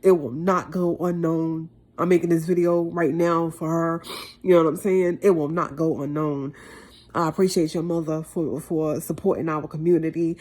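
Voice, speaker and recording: A woman's voice: low voice, fairly even intonation, moderate pace, a little mellow. A woman vlogger speaking a heartfelt monologue to the camera, impassioned and repeating phrases for emphasis.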